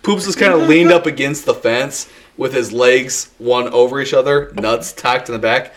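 A man's voice: medium pitch, normal speed, fairly bright tone. A man telling a rambling, crude story in a casual podcast chat, laughing often as he goes. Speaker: podcast co-host.

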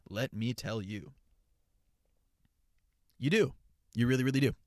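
A young man talks into the mic from a parked car, riffing in a loose, unscripted podcast chat. He's hyped and swears freely, doubling back on his words as he goes. His pitch sits in a middling range, and the sound is close and dry with no room echo. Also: a little slow. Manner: energetic, profane, rambling with frequent restarts. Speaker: podcast host and content creator. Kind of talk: casual solo podcast chat.

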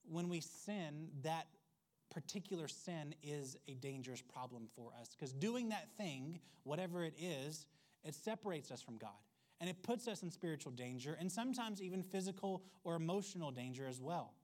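A man's voice: on the high side, expressive, moderate pace, darkish tone. A man preaching a sermon in a conversational, wry way, with playful asides. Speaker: pastor.

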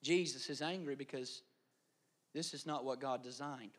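A man pastor delivering an animated sermon, dropping to hushed asides and rising to loud emphasis. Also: medium pitch, normal speed.

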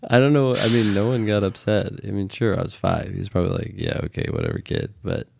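Deep gravelly-voiced dad. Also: male voice, quick pace, a little mellow, no room sound. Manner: easygoing storyteller, rambling. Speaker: podcast co-host, father. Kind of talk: casual chat.

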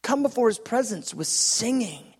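A man's voice: extremely high pitch, big pitch swings, normal speed, breathy edge, in a large hall. A man preaching a sermon in a church, emphatic and repeating his phrases as he builds a point. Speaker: pastor. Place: church sanctuary.

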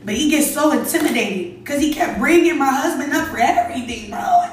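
A woman's voice: high-pitched, animated, brisk, recorded from a distance. A young adult woman telling a casual story, chatty and exasperated, talking straight to her viewers. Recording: very echoey room, away from mic, faint music.

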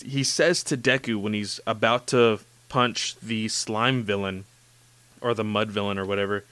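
A man hosting a casual chat about anime, gushing and excitable, with lots of "like" and "you know". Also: lowish voice, moderate pace, dry recording. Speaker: podcast host discussing anime.

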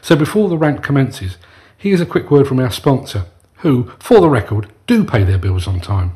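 A middle-aged man hosts his own podcast and reads a prepared rant. He sounds furious and stresses his points hard. His voice sits at an ordinary middle pitch. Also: very animated, normal speed, mellow. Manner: angry, emphatic ranting delivery. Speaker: podcast host. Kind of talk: scripted podcast monologue.

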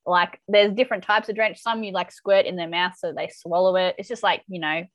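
A woman's voice: on the low side, fairly even intonation, brisk, no echo. A woman co-hosting a podcast, chatting casually through an episode recap with lots of "like" fillers. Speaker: podcast co-host.

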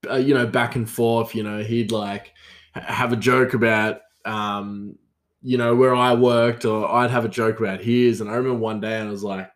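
A man's voice: on the low side, steady tone, moderate pace. A young man telling casual stories in a rambling way, laughing often. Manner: rambling, lots of fillers and restarts, frequent laughter. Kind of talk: casual storytelling.

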